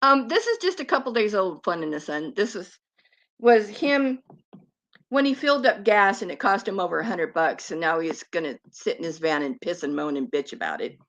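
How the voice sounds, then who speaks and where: A woman's voice: mid-range voice, animated, moderate pace, a bit bright. A woman giving scornful, sarcastic commentary on video clips, swearing freely. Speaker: commentary vlogger. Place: lives on an island.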